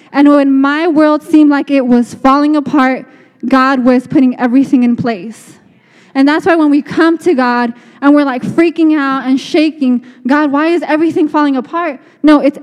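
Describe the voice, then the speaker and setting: A woman's voice: high-pitched, normal speed, darkish tone. A woman giving an earnest, conversational sermon with many restarts. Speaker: speaker. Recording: long reverb of a hall.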